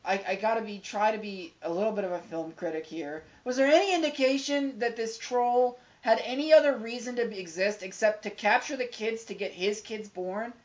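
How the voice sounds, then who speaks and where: A woman's voice: fairly high pitch, brisk, few pauses. Sarcastic woman recapping a bad movie. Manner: sarcastic, profane plot recapping with mocking asides. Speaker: podcast co-host reviewing a movie. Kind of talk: casual podcast chat. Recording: slightly dull lo-fi sound.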